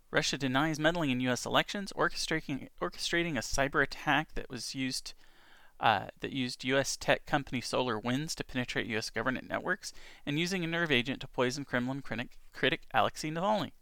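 A man with a gravelly, crisp voice hosts a homemade news show. He reads world headlines in a relaxed, chatty way and stops for asides. The sound is dry and close. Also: medium pitch, no room sound. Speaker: podcast news host. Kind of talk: casual news reading and commentary. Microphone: home recording setup.

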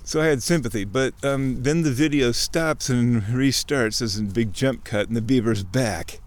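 A man hosting a casual nature chat outdoors by a creek, a chatty storyteller who jumps into high mock voices when quoting people. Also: moderate pace. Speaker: host.

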